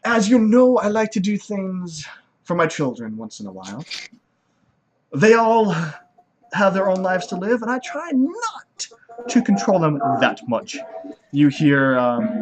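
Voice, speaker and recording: A man voicing a proud, weary godlike mother who speaks in a low, measured way. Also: sing-song, a little hiss or hum.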